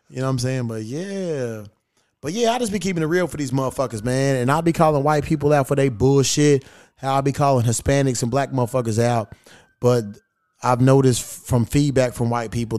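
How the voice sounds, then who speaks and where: A man's voice: medium pitch, darkish tone, dry recording, studio quality. A man hosting a podcast in casual chat, talking bluntly and profanely. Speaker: podcast host.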